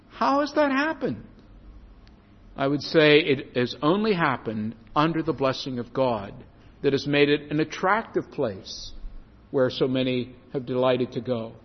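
A man preaching a sermon as a pastor, with lively rises and falls, who slows down when he reads scripture. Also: on the high side. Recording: dull reverberant hall sound.

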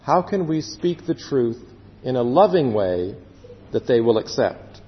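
A man preaching a sermon as pastor, earnest, stretching words for emphasis and dropping suddenly to a hush. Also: medium pitch, sing-song. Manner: earnest, with slow drawn-out emphasis and sudden drops to quiet. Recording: dull echoey hall sound.

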